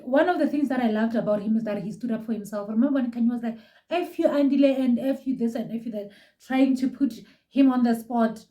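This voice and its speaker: Gushing over a reality show, a young South African woman chats casually at home and code-switches as she talks. Her voice sits on the high side and sounds mellow, recorded from a distance with roomy echo in the room.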